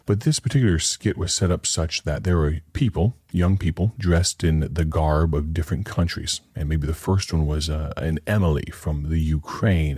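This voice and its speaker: A man with a very deep, dark voice sets up a sermon for his radio audience. He talks earnestly and plainly, telling a story with a husky grain. The sound is close and dry. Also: dry recording. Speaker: radio preacher. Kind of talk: broadcast sermon introduction.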